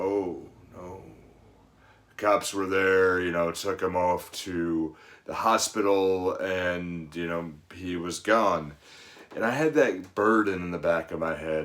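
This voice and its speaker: A man's voice: deep voice, a bit bright. A middle-aged man, a fitness coach, giving an earnest, rambling motivational monologue full of "you know" asides.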